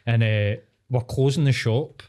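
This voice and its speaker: A Scottish man hosting a podcast, telling stories in a blunt, sweary, deadpan way. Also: medium pitch, moderate pace. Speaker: podcast host. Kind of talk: casual chat.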